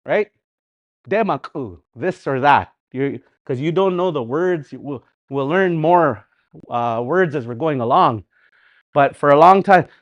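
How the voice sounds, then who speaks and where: A man teaching a live language class, animated, repeating words slowly for practice and sometimes singing phrases to show their tune. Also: fairly high pitch, dry recording, muffled recording.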